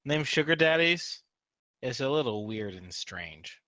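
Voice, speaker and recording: A relaxed adventurer coaxes a kid with easy, casual talk, voiced by a man at a game table. His pitch moves a lot, and the sound is close and dry. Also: a little slow, no room sound. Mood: persuasive. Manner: casual, easygoing. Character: adult man adventurer, calm, persuasive.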